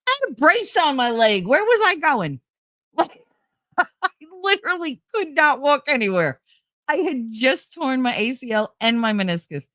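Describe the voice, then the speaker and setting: A woman with a West Indian accent tells stories on her podcast in a casual, profane rush, often mimicking the people she complains about. Her pitch swings widely. The sound is dry and close, with no room around it. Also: moderate pace, dry recording. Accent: West Indian, thicker when angry. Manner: animated, profane, mocks others in put-on voices. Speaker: podcast host. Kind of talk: casual storytelling rant.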